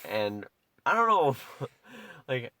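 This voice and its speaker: A man's voice: medium pitch, very animated, takes it slowly, bright, forceful tone, dry recording. A young man co-hosting a podcast in casual chat, telling stories in a rambling way full of "like". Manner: rambling, filler-heavy storytelling with many "like"s. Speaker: podcast co-host.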